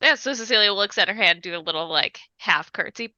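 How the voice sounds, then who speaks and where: A woman's voice: medium pitch, animated, a little fast, sharp tone, dry recording, muffled recording. A woman player in a tabletop game, laughing and self-deprecating as she joins in. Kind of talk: casual tabletop game chat.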